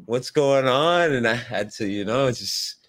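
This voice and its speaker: A man co-hosting a podcast in casual chat, chatty and quick to laugh. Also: medium pitch, lively intonation, fairly bright tone. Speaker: podcast co-host.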